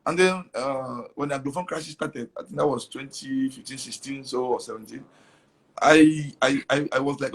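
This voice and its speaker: Husky young man telling stories. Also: medium pitch, moderate pace. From Cameroon. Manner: animated, repeats words, mixes in Pidgin. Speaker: comedian guest. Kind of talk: casual interview storytelling.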